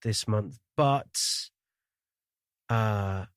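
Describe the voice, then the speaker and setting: A man who grew up in the Shetland Islands and speaks with a faded, neutral accent, hosting a podcast in casual chat, self-deprecating and quick to laugh. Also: fairly low pitch, smooth, no room sound, clean studio sound. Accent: neutral, faded Scottish. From Shetland Islands, Scotland. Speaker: podcast host.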